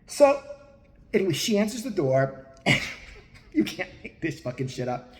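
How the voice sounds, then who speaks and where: A man's voice: high voice, big pitch swings, unhurried, long pauses. A man giving crude, mocking comedic commentary in a profane ranting style. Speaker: host. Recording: roomy echo.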